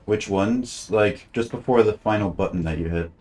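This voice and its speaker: A man's voice: lowish voice, moderate pace, darkish tone. A man streaming a game, chatting casually and thinking aloud as he plays, often trailing off and restarting. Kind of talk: casual gameplay commentary.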